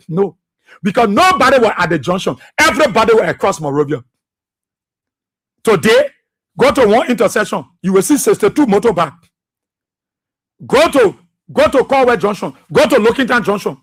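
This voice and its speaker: Liberian guy ranting on talk radio, really high bright voice, keeps hammering the point. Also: animated, a little fast, slightly rough. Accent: Liberian English. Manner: fiery, repetitive, preacher-like delivery. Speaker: radio talk show host. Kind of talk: impassioned political commentary.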